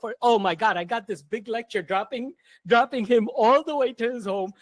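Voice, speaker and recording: A man's voice: very high-pitched, normal speed, hardly any pauses, no room sound. A man talking as a podcast guest, telling stories bluntly and emphatically, with casual slang. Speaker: guest, entrepreneur.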